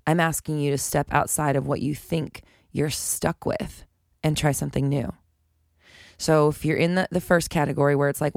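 A woman's voice: deep voice, brisk, gravelly, darkish tone, no room sound, studio quality. A woman hosting a solo podcast, talking frankly and chattily, swearing now and then and laughing between points. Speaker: podcast host. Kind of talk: casual solo podcast monologue.

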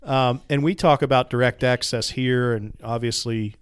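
A man's voice: medium pitch, steady tone, moderate pace, clear, resonant tone. A man in his forties hosting a podcast, explaining things in a chatty way with plenty of filler words. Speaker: podcast host. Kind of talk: casual chat.

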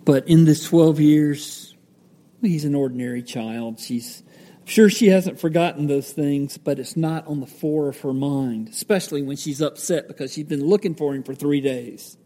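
Mellow-voiced man preaching in an echoey hall. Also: a little high, moderate pace. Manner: conversational, with fillers and self-corrections. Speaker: pastor. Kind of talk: sermon, Bible teaching. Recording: echoey hall with long reverb.

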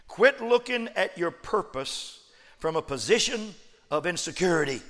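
Preacher in an echoing hall. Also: male voice, high-pitched, sing-song, a little slow. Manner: builds to shouted emphatic refrains, joking asides. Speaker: pastor. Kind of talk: sermon. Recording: long reverb of a large hall.

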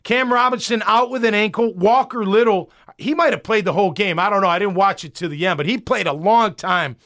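A man's voice: high-pitched, fairly quick, a bit bright, no echo, clean studio sound. A man hosting a sports talk show, giving fired-up, emphatic, rambling opinions.

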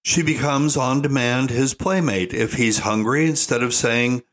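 An older American parenting commentator, medium-pitched and a bit bright, speaks animatedly and unhurriedly with hardly any pauses. His opinionated monologue is folksy and emphatic, and he keeps calling listeners "folks."

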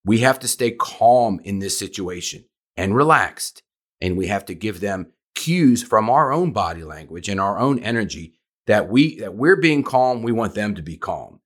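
A man's voice: fairly low pitch, lively intonation, moderate pace. A man hosting a podcast, talking with enthusiasm in an easy conversational way as a dog trainer. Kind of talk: conversational interview.

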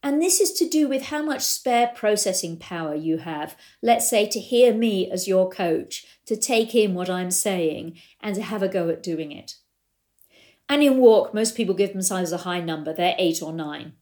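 A woman's voice: medium pitch, expressive, normal speed, darkish tone. A middle-aged woman, a riding coach, explaining ideas in a storytelling way and acting out the exchanges she quotes. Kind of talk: explanatory talk with anecdotes.

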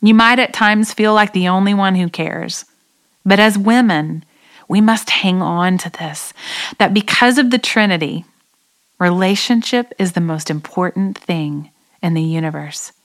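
A woman's voice: medium pitch, unhurried. A woman in her forties hosting a devotional podcast, speaking in an earnest, reflective way. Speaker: podcast host. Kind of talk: devotional talk.

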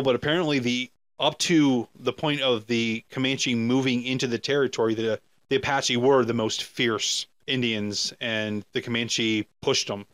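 A man's voice: mid-range voice, steady tone, fairly quick, fairly bright tone, clear, resonant tone, dry recording. A man co-hosting a podcast, talking casually about a film in a rambling, jokey way full of fillers and restarts. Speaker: podcast co-host. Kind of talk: casual movie discussion.

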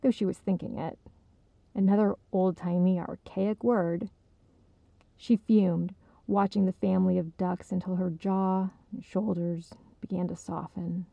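A woman calmly narrating a short story as a storyteller. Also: lowish voice, creaky, no room sound, phone-quality sound. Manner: calm, measured reading.

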